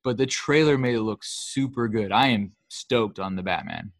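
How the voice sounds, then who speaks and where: A man co-hosting a podcast in casual chat, excitable and swearing freely. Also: lowish voice, normal speed, gravelly. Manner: excitable, swears freely, breaks into mocking impressions. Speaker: podcast co-host.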